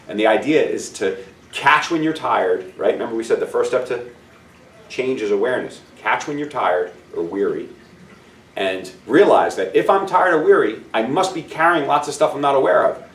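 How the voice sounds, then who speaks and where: A man hosting a self-help show, telling a story in an upbeat, encouraging way and speaking straight to the viewer. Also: mid-range voice. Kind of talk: storytelling with a motivational message. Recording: roomy sound, distant mic, faint ambience.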